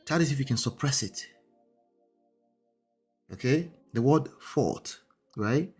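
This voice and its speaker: A man's voice: medium pitch, lively intonation, a little slow, darkish tone, husky, faint music behind. Man with an accent coaching on a livestream. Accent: non-native English accent. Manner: conversational, repeats "right?" and "okay?". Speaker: marriage coach hosting a live stream. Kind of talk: livestream talk.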